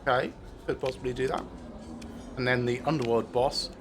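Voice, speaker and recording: Man, streamer, casual gameplay commentary, thinking aloud, frequent filler pauses, mid-pitched voice. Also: fairly even intonation, over music.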